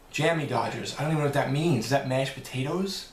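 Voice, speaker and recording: A man's voice: mid-range voice, fast, hardly any pauses, echoey room. A man answering viewer questions in a loose, rambling vlog, swearing now and then. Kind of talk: casual Q&A vlog.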